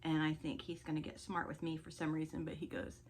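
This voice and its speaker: A woman's voice: deep voice, monotone, a little fast, husky. A woman vlogger telling a story in a chatty, indignant way while she gets ready. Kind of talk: get-ready-with-me story time.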